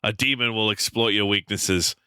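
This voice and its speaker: A man's voice: on the low side, steady tone, normal speed, sharp tone, clean tone, no room sound. Man mimicking a solemn movie-star promo voice. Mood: dramatic intoning. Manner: grave, dramatic declaiming. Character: solemn movie-star narrator intoning a dramatic wrestling promo.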